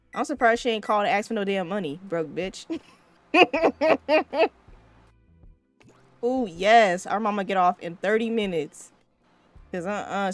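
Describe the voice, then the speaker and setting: A woman giving casual, chatty gameplay commentary, swearing freely and talking straight to her viewers. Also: medium pitch. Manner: chatty, profane, addresses viewers. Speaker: let's play host.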